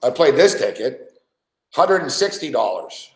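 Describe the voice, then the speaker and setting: A man's voice: mid-range voice, sing-song, a little slow, echoey room. A man hosting a sports betting show, complaining with heavy swearing about his bets. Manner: profane, frustrated rant. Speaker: sports betting podcast host. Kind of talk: casual betting talk.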